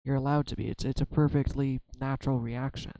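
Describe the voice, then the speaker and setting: A man doing a solo tarot reading, talking slowly through his own fears and frustration with many restarts. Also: mid-range voice, fairly even intonation, creaky, mellow, no room sound, poor audio. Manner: halting, self-searching, many restarts. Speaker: tarot reader. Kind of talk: reflective solo tarot vlog.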